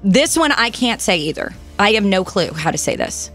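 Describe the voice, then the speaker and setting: A playful woman radio host chatting casually on air and laughing often between questions. Her voice swings in pitch as she teases and quizzes her guest. Faint music plays behind her. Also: big pitch swings, normal speed, a bit bright.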